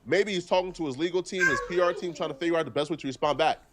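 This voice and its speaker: Streamer, male, slightly high voice, deliberate and earnest commentary. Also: noisy background. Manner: earnest, deliberate, argues point by point.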